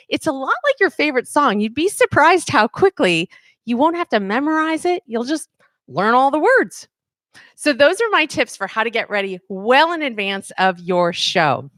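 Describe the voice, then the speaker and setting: A woman with a mid-range voice gives practice tips with lots of rise and fall in her pitch. Her delivery is upbeat and expressive, and the sound is close and dry. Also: no room sound. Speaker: workshop presenter. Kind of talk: instructional tips.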